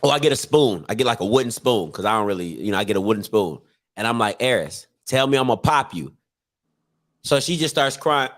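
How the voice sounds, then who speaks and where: Lively storytelling man with swooping pitch. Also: fast. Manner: animated, acts out voices in his stories, laughs often. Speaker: podcast host. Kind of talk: casual storytelling.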